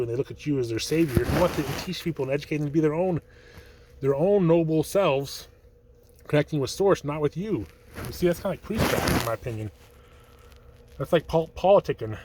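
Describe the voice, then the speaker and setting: Man, career coach, casual advice talk, animated, slightly high voice, acts out conversations. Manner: animated, acts out dialogue, laughs often.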